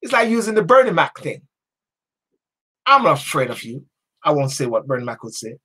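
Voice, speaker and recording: This talk show host's voice sits high, sing-song and husky, and he speaks briskly. His motivational monologue is passionate and preachy, full of chanted slogans and sudden shifts from soft to loud.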